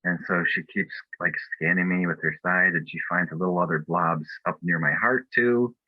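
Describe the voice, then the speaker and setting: A man's voice: sits low, fairly even intonation, moderate pace, dry recording, narrow, tinny audio. A man giving a personal testimony at a spiritual fellowship, telling his story in an earnest, reflective way.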